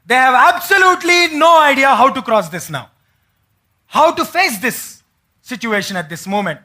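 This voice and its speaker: A pastor delivers a sermon in church, his high, bright voice carrying it. He asks the congregation questions and acts out the words of biblical figures as he goes. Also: animated, normal speed. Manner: preaching with rhetorical questions to the congregation.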